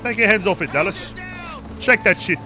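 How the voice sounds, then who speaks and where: A man's voice: sits high, animated, normal speed, bright, forceful tone, exaggerated voice. A man putting on the voice of a brash, cocky male bank robber in a game. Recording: game music playing behind.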